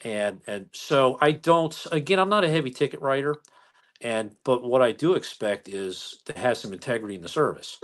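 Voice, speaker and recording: An American police chief in his sixties tells his stories in an animated, lively way and acts out the dialogue. His voice sits at an ordinary middle pitch for a man. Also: moderate pace. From United States. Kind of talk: storytelling interview.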